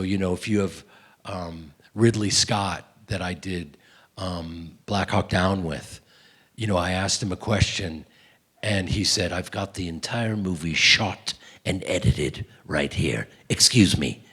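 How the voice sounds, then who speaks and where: A man's voice: sits low, breathy edge. A man, an actor, telling rambling, self-deprecating stories while answering audience questions at a film festival Q&A. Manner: rambling, animated, self-deprecating, many restarts. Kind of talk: festival Q&A storytelling.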